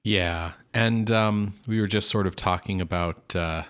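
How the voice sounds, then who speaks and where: A man chats casually as a podcast co-host, his nose clearly stuffed up. He keeps his voice pitched very deep and takes his time over each phrase. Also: measured pace, a bit bright. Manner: talks low to hide a stuffed nose. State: stuffed up, congested.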